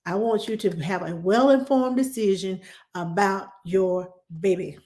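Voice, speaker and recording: Woman hosting a casual live Q&A as a nanny. She talks animatedly and conversationally, uses plenty of fillers and restarts, and repeats key points for emphasis. She breaks into quick playful voices when she quotes someone. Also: medium pitch, darkish tone. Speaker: nanny answering viewer questions.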